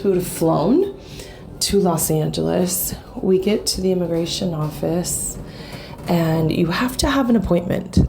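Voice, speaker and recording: Woman vlogger, unhurried and warm, animated and chatty, tells a story to camera. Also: on the low side, gravelly, slight background noise. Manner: animated, rambling, many fillers. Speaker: family vlogger.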